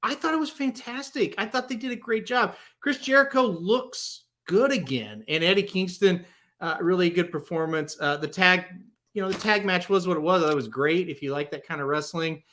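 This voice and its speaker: A young man with a bright, forceful voice sitting a little high for a man. He hosts a relaxed podcast, talking eagerly and loosely with plenty of ums and quick laughs. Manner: chatty, enthusiastic recap with frequent ums and laughs. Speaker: podcast host. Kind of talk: casual podcast chat.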